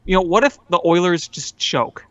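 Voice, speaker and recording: A man co-hosting a casual sports podcast, chatty and quick to joke and laugh. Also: high-pitched, fairly bright tone, no echo, highs cut off. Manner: chatty, laughs easily, riffs on jokes. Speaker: podcast co-host. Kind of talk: casual sports talk chat.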